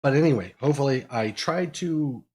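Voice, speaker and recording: A man from Pittsburgh with a Pittsburgh accent, hosting a live technical Q&A and explaining electrical code in quick, energetic bursts with frequent fillers. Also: mid-range voice, slightly rough. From Pittsburgh, USA. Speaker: electrical engineering educator.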